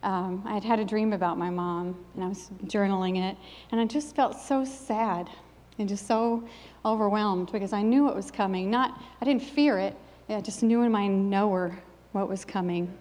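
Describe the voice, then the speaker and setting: A middle-aged woman gives a sermon and shares her own testimony. She speaks with an earnest, emphatic preaching rhythm at a medium pitch. Her voice carries long reverb, as in a church hall. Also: moderate pace, hardly any pauses, a little mellow.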